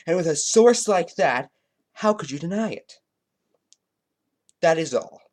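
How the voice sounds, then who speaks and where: A man's voice: on the high side, animated, a little slow, darkish tone. A man playing a pompous, self-proclaimed intellectual who lectures in a haughty, self-important way. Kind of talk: comedic character bit.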